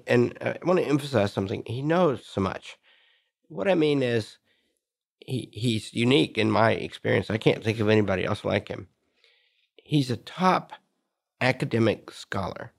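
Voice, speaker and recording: A man's voice: medium pitch, vocal fry. A man hosting an interview, introducing his guest with emphatic admiration and asking broad questions. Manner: admiring, emphatic, laughs easily. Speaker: host, college president. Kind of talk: interview conversation.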